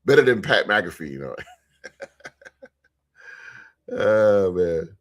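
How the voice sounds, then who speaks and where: A man hosting a sports podcast live, chatting casually with his live chat in a relaxed, repetitive way, speaking. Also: sits low, takes it slowly. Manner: laid-back, repeats phrases, shouts out chat members.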